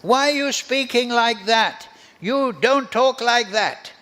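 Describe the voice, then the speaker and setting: A man's voice: extremely high pitch, very slow, sharp tone, pitched above the performer's own voice, heavily acted. A man voicing a young cowherd girl who teasingly scolds her friend. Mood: chiding. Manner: teasing, chiding.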